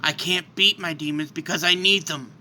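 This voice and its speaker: A man voicing a brooding, grim male caped hero, speaking low, quiet and curt. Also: steady tone, moderate pace, a little hiss or hum.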